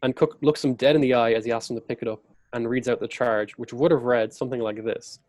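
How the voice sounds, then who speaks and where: A man in a podcast conversation, retelling history with lively storytelling and slipping into the voices of the people he quotes. His voice sits at a middle pitch, and the recording is close and dry. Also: fast, no room sound.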